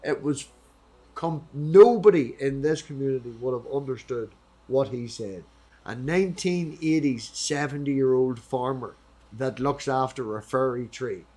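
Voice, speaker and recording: A man with an Irish accent hosting a casual debate chat. He rambles, goes off on tangents and swears freely, and at times slows down to read scripture aloud. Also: medium pitch, a little mellow. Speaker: host.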